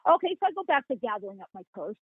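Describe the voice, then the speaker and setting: A high-pitched woman telling a story in a lively, folksy way and voicing the people in it. She comes through a thin, phone-like line with a dry sound. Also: rapid-fire, breathy edge, dry recording. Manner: animated, folksy storytelling with quoted dialogue and laughs. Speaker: psychic guest. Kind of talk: storytelling in a podcast interview.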